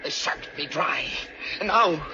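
An actor playing a terrified captured professor who pleads frantically for help, in an old-time radio drama. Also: male voice, a little high, measured pace, natural voice. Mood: desperate. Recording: muffled old radio recording with noise.

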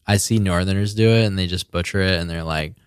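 A man's voice: sits low, clean tone, no room sound, clean studio sound. A young man from the American South with a slight Southern drawl, chatting easily as an interview guest and laughing now and then. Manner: relaxed, laughs easily, drawn-out words. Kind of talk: casual interview chat.

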